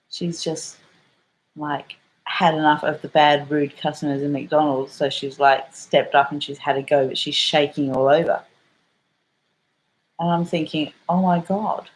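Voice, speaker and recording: Australian woman, vlogger, casual storytelling, rambling, swearing, slightly low voice. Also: low-quality recording. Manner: rambling, swearing, full of fillers.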